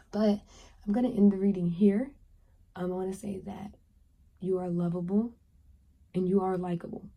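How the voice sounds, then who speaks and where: A young woman in her twenties talks through a tarot reading in an easy, chatty way. Her voice is soft and breathy, with a very mellow, dark tone. She often slips into a higher voice to act out small conversations. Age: 20s. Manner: chatty, acts out little dialogues in a higher voice. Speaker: tarot reader. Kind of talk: casual pick-a-card advice talk.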